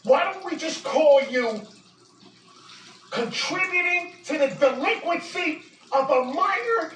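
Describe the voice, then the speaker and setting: High-voiced woman in a heated rant. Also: lively intonation, slow, a little hiss or hum. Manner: heated, accusing, repeats insults, sometimes shouts. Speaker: vlogger addressing a public figure. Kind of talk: angry direct-to-camera rant. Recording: echoey room, distant mic.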